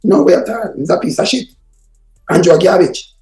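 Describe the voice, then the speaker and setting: A man's voice: sits high, expressive, moderate pace, a little mellow, reverberant, soft background music. A man with a Jamaican Patois accent hosting a reaction show, ranting, insulting and swearing as he comments on clips. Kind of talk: heated commentary on played clips.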